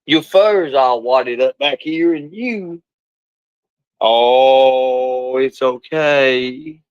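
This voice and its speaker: A man chatting casually on a live stream, talking to his pets and viewers in rough, colloquial speech and swearing freely. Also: medium pitch, extremely slow, no echo, muffled recording.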